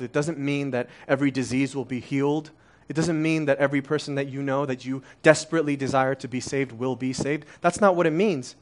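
A man in his thirties, originally from Korea, preaching a conversational sermon full of rhetorical questions. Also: mid-range voice. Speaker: pastor.

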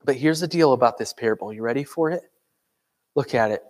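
A man's voice: mid-range voice, brisk, a little mellow. A man preaching a sermon in a conversational way, asking rhetorical questions and acting out the voices of characters in a parable. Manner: acts out dialogue of parable characters. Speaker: pastor.

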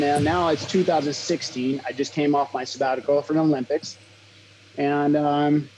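A slightly high voice with a breathy edge comes through poor audio as a college water polo coach, a man in his thirties, tells a live audience a story from his life. His halting start, thick with fillers and restarts, gives way to animation.

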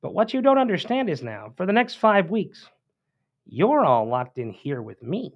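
A man doing an impression of a high-voiced male state senator giving a slow, menacing speech. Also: very animated, highs cut off, heavily acted.

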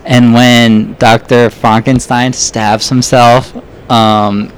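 A man's voice: mid-range voice, flat delivery, takes it slowly, clean tone. A man co-hosting a casual movie chat, laid-back and swearing often.

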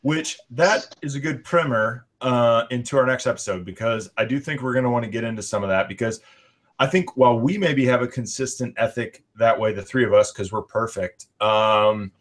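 A man's voice: medium pitch, normal speed. A man co-hosting a discussion podcast, talking casually with lots of fillers and restarts. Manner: conversational, many fillers and restarts. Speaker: podcast co-host.

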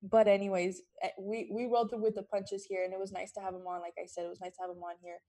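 Young woman, radio host, mellow tone, chatty, friendly. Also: medium pitch, flat delivery, fast. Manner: friendly, chatty, laughs lightly. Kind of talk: radio show hosting.

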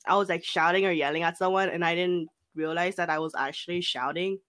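A woman's voice: fairly low pitch, steady tone, brisk, fairly bright tone. A young woman chatting casually among friends, laughing often as she talks. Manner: giggly, breaks into frequent laughter.

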